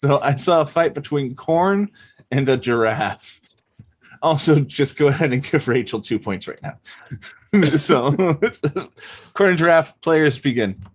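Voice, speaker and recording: A man's voice: a little high, animated, slow. A man hosting an improv comedy show, chatting casually with lots of ums and self-mocking jokes as he explains the games.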